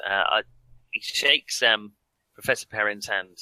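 A man narrating as game master of a tabletop game, halting with fillers and amused at his own lines. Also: mid-range voice, pushed and bright, no echo, low-quality recording.

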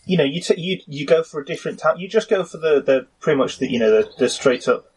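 A man narrating a tabletop game as game master, halting and full of "you know", with restarts. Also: on the high side, lively intonation, husky, poor audio.

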